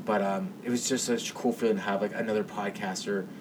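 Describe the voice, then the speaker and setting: Lower-pitched male podcast co-host telling a story in a halting way, recorded off-mic with clear hiss. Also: fairly even intonation. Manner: halting, repeats words while telling a story. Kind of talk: casual storytelling chat. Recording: distant mic with audible hiss.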